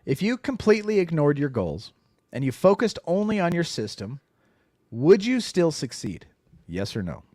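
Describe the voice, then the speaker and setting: A man's voice: a little high, normal speed, dry recording, clean studio sound. A man co-hosting a casual podcast, reading passages from a book aloud and riffing on them. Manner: animated, reads passages aloud and riffs on them. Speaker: podcast co-host.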